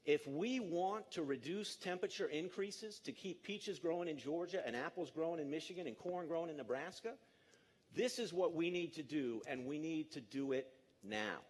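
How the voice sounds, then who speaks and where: A man in his fifties giving a lively, jokey conference talk to an audience in a large auditorium, coaxing the crowd along. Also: fairly high pitch, normal speed. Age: 50s. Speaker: speaker.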